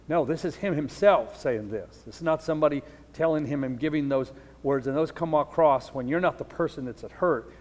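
A middle-aged man preaching a sermon as a pastor, telling a story earnestly and dropping low and soft at the sad moments. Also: fairly quick, in a large hall.

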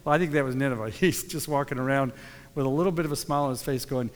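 A man giving a sermon in a relaxed, conversational way, breaking into quoted voices as he tells the story. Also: mid-range voice, rapid-fire. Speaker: pastor. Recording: long hall reverb.

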